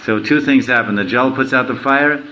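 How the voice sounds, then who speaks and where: A man teaching a sermon, quizzing his listeners and reciting verses slowly. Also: mid-range voice, bright, forceful tone, a little hiss or hum, poor audio. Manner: asks the audience questions, slowly recites verses. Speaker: spiritual teacher.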